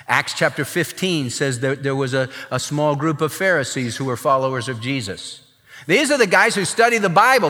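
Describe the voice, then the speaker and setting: A man preaching a sermon in an emphatic, animated way, acting out the people he quotes. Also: medium pitch. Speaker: pastor. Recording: long reverb of a large hall.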